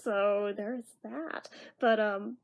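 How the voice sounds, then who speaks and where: A woman in her thirties, tired and half awake, rambling quietly through a casual late-night movie review. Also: mid-range voice, steady tone, drawn-out words, gravelly. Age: 30s. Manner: rambling, talking quieter than normal.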